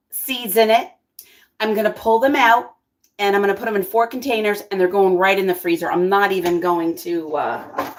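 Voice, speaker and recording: A woman hosting her own cooking vlog, chatting casually with viewers, excitable and always exclaiming and laughing. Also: mid-range voice, noisy background. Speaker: cooking vlogger and channel host.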